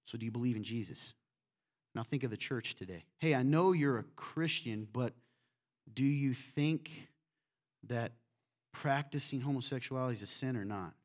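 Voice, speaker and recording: A man preaching a sermon in a church, animated and acting out quotes in different voices. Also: medium pitch, moderate pace. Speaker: pastor.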